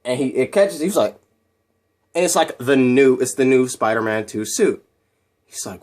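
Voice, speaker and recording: A man's voice: medium pitch, normal speed, a little mellow. A man casually retelling a film scene by scene, rambling and repeating himself as he goes. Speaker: video host.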